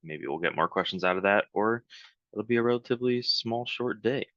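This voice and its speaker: A man hosting a live software training webinar, talking in a relaxed, rambling way with many ums. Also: lowish voice, brisk, no room sound, highs cut off.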